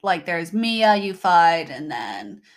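A woman's voice: on the low side, sing-song, slow. A woman co-hosting a casual chat, hesitant and full of fillers, often searching for words. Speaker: podcast co-host.

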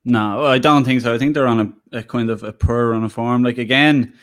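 A man's voice: medium pitch, fairly even intonation, a little fast, a bit bright. A young man co-hosting a football podcast, laid-back and dryly teasing his co-host. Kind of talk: casual football podcast chat.

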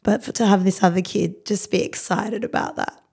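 A woman in her thirties, a podcast guest talking candidly in a rapid, rambling, heartfelt way with many fillers. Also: medium pitch, fairly even intonation, creaky, a little mellow, breathy edge. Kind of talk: candid conversational interview.

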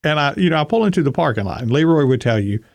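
A man's voice: on the high side, animated, fast talker, gravelly, dry recording, studio quality. A middle-aged man co-hosting a radio show, telling a casual anecdote and acting out the people in it. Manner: storytelling, acts out voices in anecdotes.

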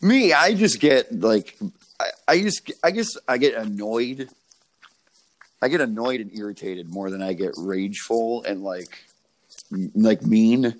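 Lower-voiced man, blunt and swearing. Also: measured pace. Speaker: podcast co-host. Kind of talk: casual chat.

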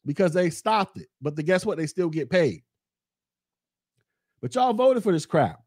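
A man's voice: high-pitched, sing-song, unhurried, pauses often, a little mellow, no echo, clean studio sound. Angry, profane man ranting on a podcast. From United States. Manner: heated, profane, mocking, repeats phrases for emphasis. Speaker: podcast host. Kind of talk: angry political rant.

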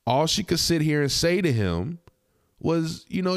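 A man's voice: on the high side, lively intonation, a little slow, dry recording, studio quality. A man hosting a podcast, giving blunt, indignant commentary on a video clip and swearing freely. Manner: blunt, profane, indignant, repetitive. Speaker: podcast host.

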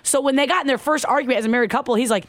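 A woman co-hosting a podcast in casual chat, talking quickly and telling stories with quoted voices. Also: sits high, no echo. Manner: quick, chatty, storytelling with acted quotes. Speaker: podcast co-host.

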